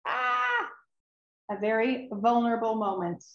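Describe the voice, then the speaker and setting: Slow, expressive woman reading a storybook. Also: medium pitch. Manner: expressive, emotional, with sighs and drawn-out words. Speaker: children's book author. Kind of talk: reading her own picture book aloud. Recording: roomy, dull recording.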